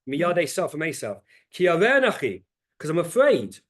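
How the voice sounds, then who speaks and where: A middle-aged man, a rabbi, teaching a Torah class to a group, animated and questioning, often repeating words as he speeds up. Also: sits high, normal speed. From England. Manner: animated, asks the audience questions, repeats words when excited. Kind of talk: lively teaching talk to a group. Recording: roomy echo.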